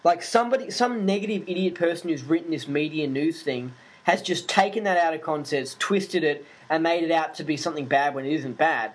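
Ranting man, fairly high voice. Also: fairly quick, husky, poor audio. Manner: animated, indignant, swears freely, many fillers. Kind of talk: casual ranting monologue.

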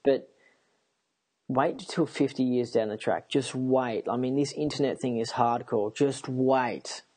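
Husky-voiced man ranting to camera. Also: mid-range voice, a little slow. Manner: excitable, rambling, repeats himself. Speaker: vlogger. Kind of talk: rambling personal monologue.

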